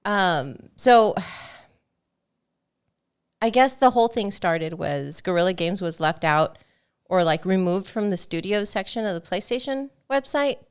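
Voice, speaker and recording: A woman's voice: mid-range voice, animated, measured pace, smooth. A middle-aged woman co-hosting a gaming podcast, reading news items in easygoing casual chat. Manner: easygoing, laughs often. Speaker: podcast co-host.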